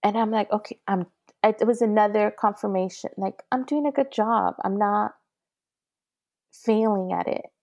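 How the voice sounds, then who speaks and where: A woman's voice: medium pitch, fairly even intonation, moderate pace, darkish tone, no echo. A middle-aged woman and mother talking earnestly in a casual conversation, retelling talks with her daughter. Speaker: guest, mother.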